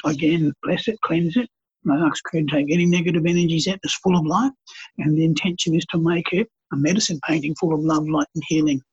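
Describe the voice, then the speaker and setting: A man's voice: on the high side, husky, lo-fi sound. A man, a podcast guest who tells stories and talks about spirituality in a passionate, preachy way. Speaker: podcast guest, artist and healer. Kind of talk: casual spiritual conversation.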